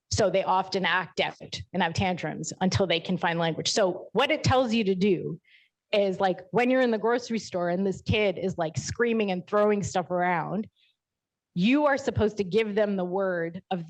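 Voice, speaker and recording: Frank, humorous woman doctor giving a talk. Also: mid-range voice. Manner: lively, humorous storytelling, self-mocking, frank. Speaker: physician giving a keynote talk. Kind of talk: keynote talk with storytelling.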